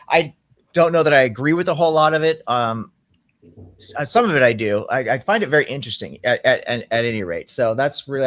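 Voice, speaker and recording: A man hosts an online discussion panel and introduces each guest warmly. He talks quickly and fills his pauses with hesitations and small restarts. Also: mid-range voice. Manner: friendly, quick, hesitant with fillers. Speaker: channel host and panel moderator. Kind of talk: casual panel hosting.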